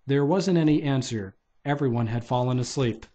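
A man's voice: medium pitch, moderate pace, dark tone. A man reading a children's novelization aloud in a loose, unpolished way, stopping to redo lines. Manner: loose, unpolished delivery with restarts and "take two" retakes. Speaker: reader.

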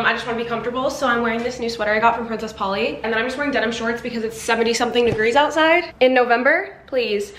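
A woman's voice: fairly high pitch, reverberant, slight background noise. A woman in her twenties, chatty and giggly, narrating a casual vlog in her home kitchen. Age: 20s. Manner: chatty, giggly, gets teary with excitement. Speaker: vlogger.

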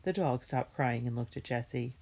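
A woman reading a children's storybook aloud in a steady, clear storytelling manner. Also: rumbling low, moderate pace. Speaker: reader.

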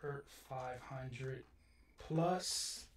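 A man, a rapper and producer, singing short choir takes and muttering quick asides about the session in his music studio. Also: medium pitch, distant mic, slight background noise. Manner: sings short harmony takes between quick mumbled asides. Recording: roomy, off-mic, loud music behind. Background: loud keyboard and organ music.

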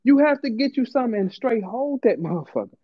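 A man hosting a casual chat, ranting with big swings in his voice. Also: quick pace. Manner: animated ranting, swings high and low. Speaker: host. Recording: tinny phone-like line.

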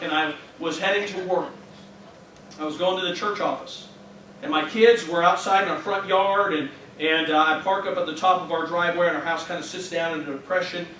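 High, bright-voiced preacher in echoey church. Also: male voice. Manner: earnest, heartfelt preaching with interjected praise. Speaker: pastor. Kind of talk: sermon with personal story. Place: church sanctuary. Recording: echoey church from a distance, faint hum.

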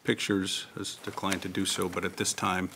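A man chairing a public hearing on a table microphone, speaking in a formal, measured, procedural way. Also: sits low, little pitch movement, pushed and bright, a little hiss or hum. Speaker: meeting chair.

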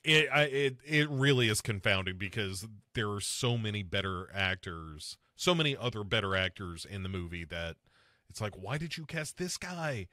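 A man chats casually as podcast host, his bright, forceful voice jumping around whenever he mocks a character. The sound is dry and close, with no room around it. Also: moderate pace, dry recording. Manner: animated, swings pitch up to mock and mimic film characters. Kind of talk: casual chat reviewing a film.

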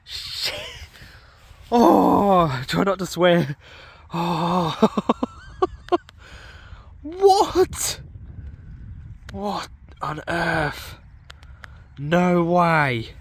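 A man's voice: a little high, drawn-out words, gravelly, breathy edge. An English man vlogging outdoors in a farm field, breathless and exclaiming in disbelief, with a camera mic. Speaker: metal detecting vlogger. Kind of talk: excited field vlog commentary. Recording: faint outdoor background noise.

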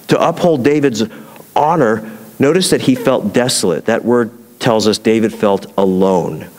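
A man's voice: medium pitch, darkish tone, long reverb tail. A man preaching as a pastor, talking in a conversational way and asking his congregation rhetorical questions. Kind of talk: sermon.

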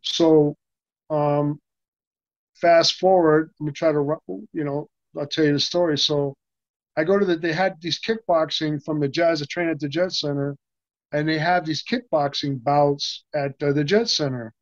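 An older man spins a profane, animated story as an interview guest, starting over and over again mid-sentence. His voice sits a little higher than most men's. The sound is dry and a bit muffled. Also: moderate pace, no echo. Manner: animated, profane, full of restarts and laughs. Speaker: interview guest, stuntman and actor.

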